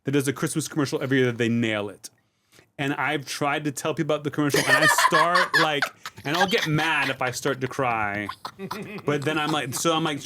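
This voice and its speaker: A middle-aged man speaks at an ordinary, middling pitch. He is a comedian and a podcast guest, telling his stories in a loose, relaxed way with plenty of fillers. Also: a little hiss or hum. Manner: relaxed, rambling storytelling with many fillers. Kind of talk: casual podcast chat.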